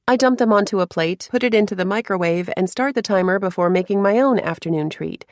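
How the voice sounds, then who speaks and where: A woman narrating a first-person romance story in a soft, confiding way, with hushed asides. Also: medium pitch, quick pace, no echo, clean studio sound.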